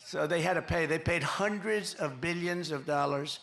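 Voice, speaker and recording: A man delivers a campaign rally speech, boastful and rambling and circling back to the same lines again and again. His voice is gravelly and sits a bit high, with a bright, forceful edge. The sound is echoey and carries faint background noise. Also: moderate pace. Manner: boastful, repetitive, rambling, quoting others in asides; shouting to a cheering crowd at times. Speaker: political candidate at a rally. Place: large rally venue.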